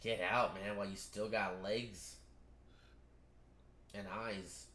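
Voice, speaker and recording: A man reacting casually to an anime episode, swearing freely and breaking into excited outbursts at the screen. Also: on the low side, slow pace. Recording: roomy echo.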